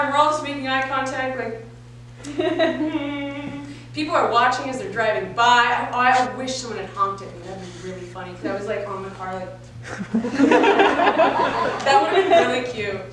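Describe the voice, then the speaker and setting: A woman's voice: on the high side, fast, distant mic, slight background noise. A woman in her twenties doing a stand-up comedy set, telling stories with lots of swearing and laughing at her own lines. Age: 20s. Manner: profane, animated storytelling with frequent laughs. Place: comedy venue stage. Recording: echoey live room, mic from afar. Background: audience.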